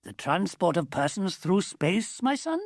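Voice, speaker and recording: A woman's voice: on the low side, sing-song, unhurried, no room sound, studio quality, pitched above the performer's own voice, heavily acted. A woman doing a stern old genie father. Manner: formal, archaic, solemn.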